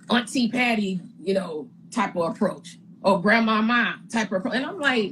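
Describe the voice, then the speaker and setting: A woman retelling a story in a casual live-stream chat, animated and indignant, often stammering and repeating words as she builds her point. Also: medium pitch, normal speed, slight background noise, low-quality recording. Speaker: reality TV guest recounting her experience.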